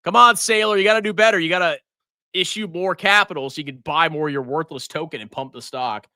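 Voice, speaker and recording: Brash mocking finance host, bright voice. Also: male voice, fairly high pitch, quick pace, no room sound, clean studio sound. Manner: brash, mocking, laughs often. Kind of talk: casual market commentary.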